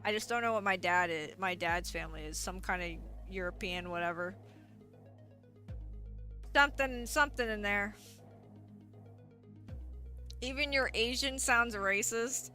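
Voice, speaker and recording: A woman's voice: medium pitch, a little slow, long pauses, pushed and bright, soft background music. A woman streamer chatting casually and playfully, often laughing as she reads chat.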